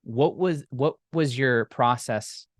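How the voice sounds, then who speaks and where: A man hosting a podcast, asking questions in a thoughtful, halting way with many restarts. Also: medium pitch, dry recording, studio quality. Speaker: podcast host. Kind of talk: interview questions.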